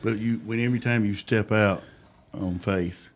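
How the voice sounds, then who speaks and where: A man's voice: lowish voice, fairly even intonation, moderate pace. A man, a podcast co-host giving folksy, earnest advice in casual chat.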